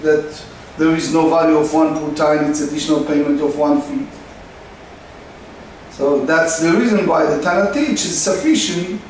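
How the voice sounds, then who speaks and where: Man, Talmud lesson, slow halting explanation, faint background noise. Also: fairly high pitch, a little mellow, recorded from a distance. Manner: slow, halting delivery, reading Aramaic then translating. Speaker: Talmud teacher. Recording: echoey room, faint noise.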